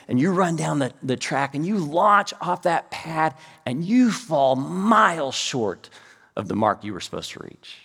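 A middle-aged American pastor preaches in a big-room sound, his voice a little high, gravelly and with a breathy edge, at a measured pace. He's an animated storyteller who acts out quotes as he goes.

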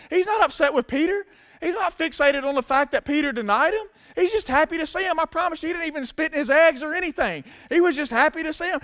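A pastor preaches in a casual, emphatic way. His voice sits very high for a man. He addresses a congregation directly in a sermon. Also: fairly quick, fairly bright tone.

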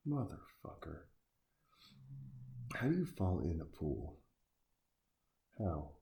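A man's voice: low voice, warm tone. A man giving casual, sarcastic and profane reaction commentary, talking back at the screen as he watches.

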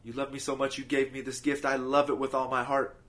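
A man's voice: mid-range voice, little pitch movement, brisk, fairly bright tone, natural voice. A man doing a stubborn, heartfelt dead man. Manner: insistent, heartfelt. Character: stubborn man clinging to his homeland dirt.

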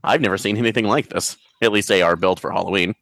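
A man's voice: lowish voice, fast talker, vocal fry, fairly bright tone, no room sound. A man playing in a tabletop game, chatting casually and asking the game master questions. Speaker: player.

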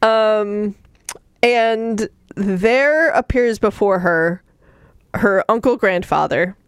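A woman's voice: mid-range voice, drawn-out words, clear, resonant tone, no echo, clean studio sound. A woman co-hosting a podcast, casually retelling a book's plot with sarcasm and mock voices. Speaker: podcast co-host recapping a book. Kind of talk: casual chat.

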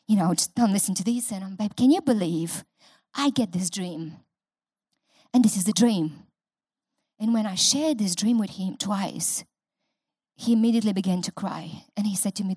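A woman's voice: medium pitch, darkish tone, dry recording. A woman pastor telling a personal testimony in a sermon, building to rousing calls to the congregation. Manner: storytelling, building to rousing call-and-response preaching.

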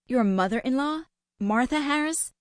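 An actress playing a friendly interviewer who asks clear questions in a scripted language-lesson dialogue. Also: female voice, high-pitched, lively intonation, moderate pace, no room sound, studio quality.

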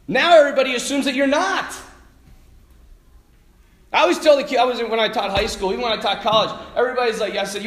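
A man giving a lively faith talk to a group, telling stories and acting out the voices in them. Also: very high-pitched, fast talker, roomy sound. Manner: animated storytelling, acting out quoted voices. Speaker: Catholic speaker.

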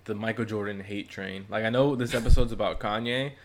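A man co-hosting a podcast in casual chat, slangy and quick to laugh. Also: lowish voice, noisy background. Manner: laughing, slangy, animated banter. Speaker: podcast co-host.

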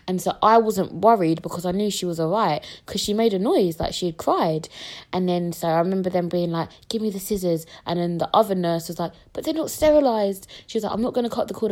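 A young woman with a British accent, telling a personal story in a lively, slangy way and acting out the voices of the people in it. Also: fairly low pitch. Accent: British English. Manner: animated, acts out quoted voices, slangy. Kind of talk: casual storytelling.

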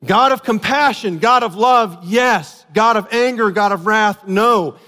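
A man preaching a sermon, telling a family story with animated outbursts and earnest explanation. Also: high-pitched, unhurried. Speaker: pastor. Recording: long hall reverb.

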